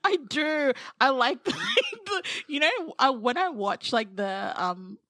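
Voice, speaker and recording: A woman co-hosting a podcast, giggly and animated in casual comedic chat. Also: high-pitched, slow, dry recording, clean studio sound. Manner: giggly, animated, laughs often. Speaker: podcast co-host.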